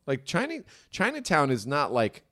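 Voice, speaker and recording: A man's voice: on the high side, wildly swooping pitch, moderate pace, a bit bright. A man co-hosting a comedy podcast, rambling in casual banter and filling his talk with "like" and "you know". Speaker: podcast co-host.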